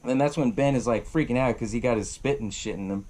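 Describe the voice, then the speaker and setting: A man's voice: mid-range voice, fast, darkish tone. Casual male podcast host, young adult, profane and rambling storyteller. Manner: profane, rambling, acts out characters' lines. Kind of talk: casual movie recap.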